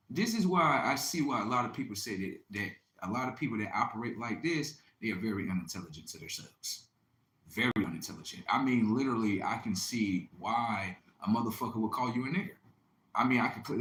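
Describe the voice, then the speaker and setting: A man hosting a livestream, delivering a boastful, taunting, profane monologue that swings between loud outbursts and low mutters. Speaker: livestream host. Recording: echoey room with faint ambient noise.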